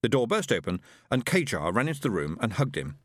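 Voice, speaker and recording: A man reading an audiobook in a measured storytelling voice. His pitch moves strongly up and down, and the close, dry recording has no room sound. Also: no echo. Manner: measured storytelling with lively inflection. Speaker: narrator. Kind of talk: audiobook narration.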